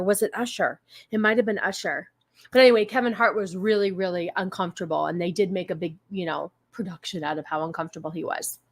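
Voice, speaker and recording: A woman co-hosting a casual chat stream, hesitant, with many ums and restarts. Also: mid-range voice. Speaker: co-host.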